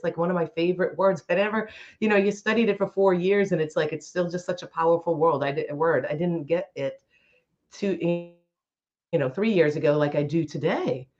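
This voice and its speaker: A woman's voice: lowish voice, a little mellow. A woman co-hosting a motivational talk show, emphatic and preachy, addressing the listeners directly. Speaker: co-host, workshop leader. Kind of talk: casual motivational chat. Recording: slightly dull lo-fi sound.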